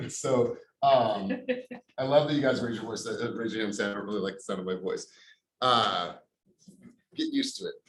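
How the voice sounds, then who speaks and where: A man's voice: fairly low pitch, moderate pace, echoey room, low-quality recording. A man leading a real estate workshop, upbeat and blunt, who swears casually as he pushes his audience. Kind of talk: motivational workshop talk.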